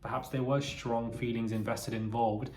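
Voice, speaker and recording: A man's voice: mid-range voice, flat delivery, moderate pace, a little mellow, roomy sound. A man giving casual, opinionated commentary on reality TV as a channel host. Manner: chatty, opinionated, breaks into laughter.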